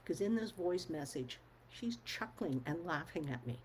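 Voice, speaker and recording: A woman's voice: lowish voice, expressive, moderate pace, a little mellow, a little hiss or hum, poor audio. A woman speaking her mind in a casual monologue to camera, blunt and firm, swearing freely and stressing her points. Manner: firm and emphatic. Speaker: vlogger.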